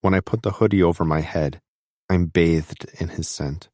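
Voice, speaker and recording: A man narrating a first-person audiobook in a steady, intimate reading on a close studio mic. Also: deep voice, moderate pace, no echo.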